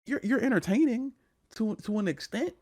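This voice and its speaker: A man's voice: high-pitched, animated, moderate pace, dark tone. A man co-hosting a wrestling podcast, ranting in casual chat and often repeating his words. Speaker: podcast co-host.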